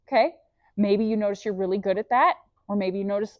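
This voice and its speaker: A woman's voice: mid-range voice, steady tone, quick pace, dry recording, muffled recording. A woman leading a guided breathing lesson, enthusiastic and encouraging, mixing body facts with faith, speaking into a clip-on mic. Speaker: breathwork instructor. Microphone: clip-on microphone.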